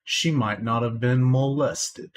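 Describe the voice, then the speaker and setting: A man's voice: mid-range voice, slow pace. A man reacting with indignant disbelief in casual commentary. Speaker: streamer.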